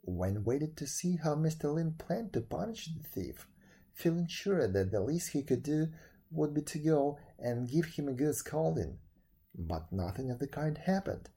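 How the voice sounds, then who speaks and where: Husky man reading a folk tale. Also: fairly high pitch, big pitch swings, a little slow, dark tone. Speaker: storyteller. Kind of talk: storybook read-aloud.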